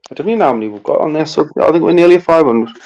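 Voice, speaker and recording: Man, gravelly voice, higher pitch, blunt sweary chat, dull lo-fi call audio. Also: expressive, very fast, darkish tone. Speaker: livestream guest. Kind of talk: casual livestream chat.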